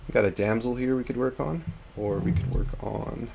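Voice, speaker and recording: Gravelly man chatting on a live stream. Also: medium pitch, normal speed, mellow, a little hiss or hum. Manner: chatty, self-deprecating, laughs often. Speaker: host. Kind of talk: casual chat on a live painting stream.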